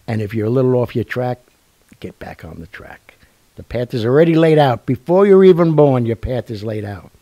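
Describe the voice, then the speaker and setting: New guy hosting his own show, gravelly voice, jokey and rambling, dry close sound. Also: lowish voice, mellow, no echo. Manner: rambling, jokey, with fillers and laughs. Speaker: show host. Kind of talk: casual live-stream chat.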